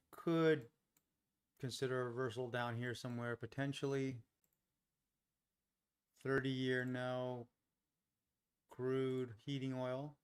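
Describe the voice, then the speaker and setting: An unhurried man with a mid-pitched, clean-toned voice offers live commentary as a futures day trader, reasoning aloud while hopping from one market to another. He keeps second-guessing his trade ideas and slips in easygoing, joking asides.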